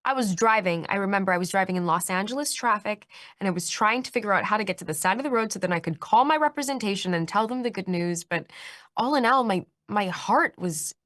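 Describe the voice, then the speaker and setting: A young woman in her twenties answers interview questions in a bubbly, animated way, laughing often. Her voice sits in a middle register. It is recorded close and dry, with no room sound. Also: medium pitch, fast talker, no room sound. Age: 20s. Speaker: actress being interviewed. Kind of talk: press interview.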